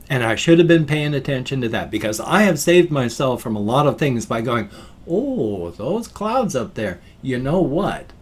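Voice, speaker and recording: In casual, rambling vlog talk, an older man with a medium-pitched voice explains things at length, folksy and chatty, full of homespun sayings. A little hiss or hum sits under the recording.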